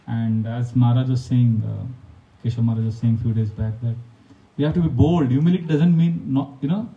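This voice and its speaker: A man's voice: mid-range voice, brisk, far from the mic, dull audio. A man, a monk giving a devotional talk full of anecdotes, often laughing and acting out quotes. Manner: storytelling, animated, laughs often, acts out quotes.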